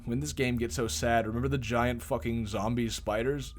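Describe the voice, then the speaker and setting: A man's voice: mid-range voice, steady tone, moderate pace, hardly any pauses. A man streaming a visual novel, reading the parts and making crude joking asides. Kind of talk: game playthrough commentary.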